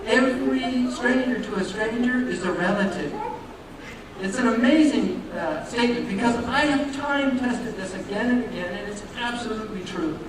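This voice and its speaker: A man's voice: very high voice, normal speed, crowd noise. An American man giving a humorous, anecdote-filled public lecture on religion, asking his audience rhetorical questions. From United States. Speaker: Islamic lecturer. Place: large lecture hall. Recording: echoey hall, distant mic, audience noise. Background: audience sounds.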